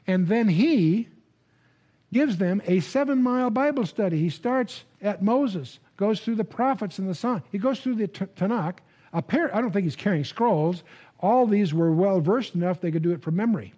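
Conversational male Bible teacher, mellow tone. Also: sits high, lively intonation, moderate pace. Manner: conversational, repeats words when restarting, asks the audience questions. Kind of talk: Bible lecture to a live audience.

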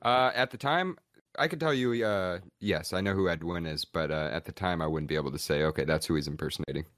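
A man who is a guest on a podcast, answering in casual, halting talk full of "uh"s and easy laughs. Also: deep voice, fairly bright tone, no room sound, clean studio sound. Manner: halting, with many "uh"s, laughs easily.

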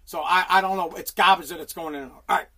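A middle-aged man ranting on a solo livestream, swearing and restarting his sentences, hoarse and losing his voice. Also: high-pitched, fairly even intonation, fast, pushed and bright. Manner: profane heated ranting, stumbling restarts.

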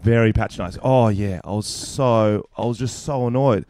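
A man's voice: fairly low pitch, moderate pace, dark tone, dry recording. A young Australian man, a stand-up comedian, telling a story in casual podcast chat, swearing a lot and acting out both sides of the exchange.

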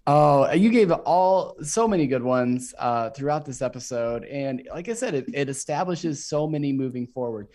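A man's voice: medium pitch, animated, normal speed, hardly any pauses, darkish tone. A man co-hosting a casual podcast, telling a story with frequent ums and restarts. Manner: hesitant, many ums and restarts. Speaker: podcast co-host.

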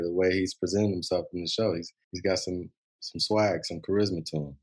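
A man's voice: low voice, fairly even intonation, brisk, hardly any pauses, a little mellow. A man co-hosting a podcast, chatting casually and rambling with many fillers about a TV show. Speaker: podcast co-host.

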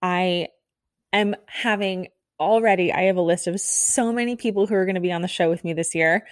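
A woman in her thirties hosting a casual solo podcast, talking fast and bubbly, rambling with lots of "like" and little laughs. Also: lowish voice, no room sound, studio quality. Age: 30s. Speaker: podcast host.

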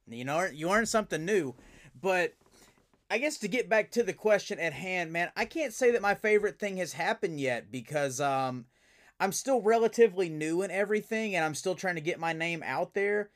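A man hosting a podcast, an enthusiastic and animated storyteller chatting casually. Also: sits high, normal speed. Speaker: podcast host and voice actor. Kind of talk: casual interview chat.

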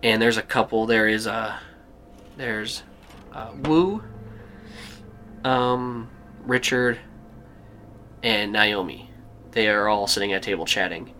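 A man narrating a tabletop game as game master, rambling and halting as he goes. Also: on the low side, sharp tone, a little hiss or hum. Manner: rambling, halting, with fillers and laughs.

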